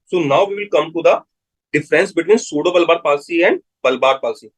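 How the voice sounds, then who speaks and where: A man's voice: on the high side, fairly quick, rough recording. A man with an Indian English accent giving a live medical lecture, repeating key terms and putting questions to his students.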